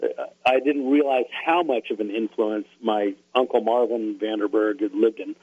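A man co-hosting a radio show, reminiscing in a rambling, halting way. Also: fairly low pitch, fairly even intonation, phone-quality sound. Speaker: radio co-host. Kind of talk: casual radio chat.

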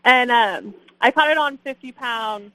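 With a slightly high voice at a measured pace, a young guest angler tells her catch story on a radio show in a relaxed, laughing way, saying "like" and "you know" often. Crowd noise can be heard, and the audio is poor.

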